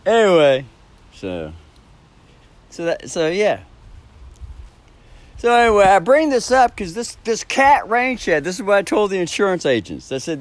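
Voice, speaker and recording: There's no room sound as a man with a notably high voice rambles through a homespun tale beside a backyard shed at his home. He chuckles between phrases, swears freely and keeps going back to restart what he's saying.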